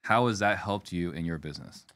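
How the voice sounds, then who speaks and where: Male host, very low voice, dry close sound, easygoing questioner. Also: fairly quick, fairly bright tone, dry recording. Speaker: podcast host. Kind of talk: interview questions, casual chat.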